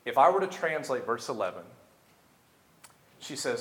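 A man's voice: medium pitch, very animated, moderate pace, pauses often. Young man preaching in an echoey room. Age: young adult. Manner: preaching with rising intensity and emphatic repetition. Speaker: pastor. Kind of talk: sermon.

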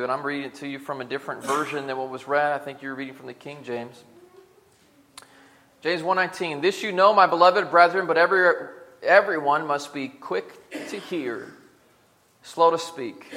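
Male preacher, sermon delivery, emphatic with loud and soft swings, average pitch, long hall reverb. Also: vocal fry.

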